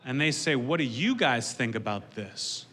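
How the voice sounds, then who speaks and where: Male stand-up, deadpan, bright and cutting tone, faint hiss. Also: mid-range voice, moderate pace. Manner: deadpan, dry delivery. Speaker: stand-up comedian. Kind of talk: stand-up set on stage.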